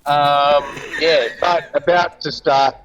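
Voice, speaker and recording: A man's voice: a little high, fairly even intonation, slow, fairly bright tone, dull audio. A man talking casually on an online call, hesitant and full of fillers. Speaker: guest. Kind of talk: casual chat.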